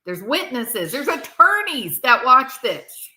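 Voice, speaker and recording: A woman giving casual true crime commentary, sarcastic and animated, acting out what others said. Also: high voice, slow pace. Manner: animated, sarcastic, acts out quoted people.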